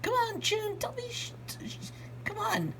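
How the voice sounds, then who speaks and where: A woman voicing a pushy, energetic female letter block who urges others loudly. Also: extremely high pitch, unhurried, gravelly, slight background noise, voice pushed up, heavily acted. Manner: loud, pushy urging.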